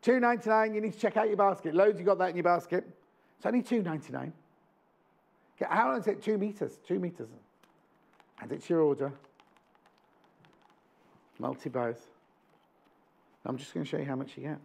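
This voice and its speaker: A man hosts a live shopping show, chatting and joking as he sells. His pitch sits a little high and leaps around a lot. There is a gravelly edge to his voice. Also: expressive, fairly quick, pauses often. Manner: chatty, enthusiastic, jokey. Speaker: shopping channel presenter. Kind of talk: live TV sales chat. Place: TV studio.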